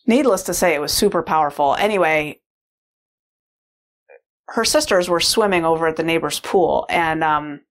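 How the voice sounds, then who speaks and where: Low-voiced woman rambling through a story. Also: normal speed, pauses often. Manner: rambling, heavy use of "like" fillers. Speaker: mother. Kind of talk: casual personal storytelling.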